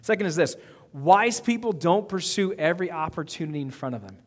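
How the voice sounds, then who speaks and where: A man's voice: on the high side, expressive. A man preaching a sermon, building to emphatic outbursts and repeating phrases as he goes. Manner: preaching with emphatic rising outbursts and quick repetitions. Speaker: pastor. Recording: long reverb of a hall.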